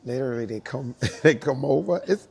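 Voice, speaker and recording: Brief: male dancer, warm mellow tone, animated storyteller who acts out the other people in his story. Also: mid-range voice, brisk, creaky, breathy edge. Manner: animated, acts out quoted dialogue. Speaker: dancer and hip hop battle judge. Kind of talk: casual storytelling anecdote.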